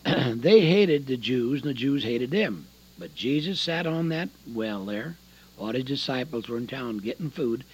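A man preaching a radio sermon, swinging dramatically between loud calls and hushed words. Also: mid-range voice, breathy edge, dull audio.

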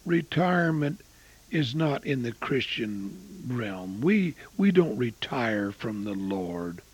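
A man in his eighties preaching a storytelling sermon, swinging between loud exclamations and hushed asides. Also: mid-range voice, sing-song, takes it slowly, husky, low-quality recording. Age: 80s.

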